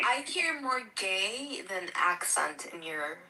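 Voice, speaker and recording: A woman with a very bright tone chats in a casual group call. She talks hesitantly and keeps restarting her sentences. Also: medium pitch, big pitch swings, slow pace, low-quality recording. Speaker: voice chat participant.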